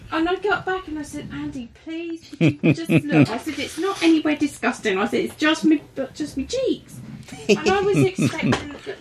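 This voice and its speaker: A woman's voice: high-pitched, very animated, fairly quick, a loud crowd. A woman co-host telling a story in a casual podcast chat, laughing as she talks.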